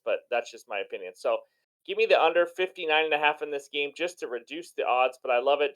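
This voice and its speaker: A man hosting a sports betting show, giving enthusiastic and chatty commentary on his picks in a hoarse voice. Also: mid-range voice, a bit bright, low-quality recording. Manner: enthusiastic, chatty, self-deprecating. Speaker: sports betting channel host.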